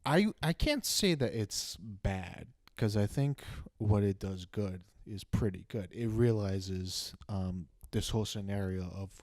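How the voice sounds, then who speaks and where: A young man with a low voice talks through a movie review in casual podcast chat. He hesitates and restarts as he works out his thoughts. The sound is dry and close. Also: expressive, slow, hardly any pauses, darkish tone, dry recording. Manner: hesitant, restarts often, thinks aloud. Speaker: podcast co-host.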